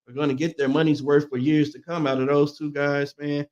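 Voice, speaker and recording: A laid-back man talking sports with a somewhat high voice. He agrees easily and breaks the game down casually. The sound is slightly dull and muffled. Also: little pitch movement, fairly quick, darkish tone. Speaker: sports radio co-host.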